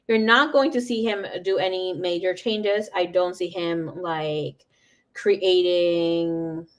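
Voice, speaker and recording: A young adult woman giving a live tarot reading, talking frankly and swearing freely. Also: on the low side. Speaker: tarot reader.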